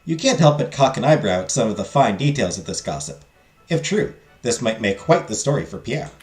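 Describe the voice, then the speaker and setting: A man streaming a story game, reading its narration and chatting in an animated, rambling, self-deprecating way. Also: on the low side, fairly quick, roomy sound, faint music behind. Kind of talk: casual game commentary and narration.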